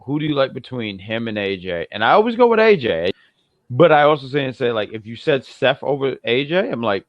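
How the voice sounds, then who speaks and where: A man co-hosting a casual wrestling review podcast, rambling with many restarts and bursts of loud excitement. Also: medium pitch, a little fast, dry recording, dull audio. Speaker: podcast co-host.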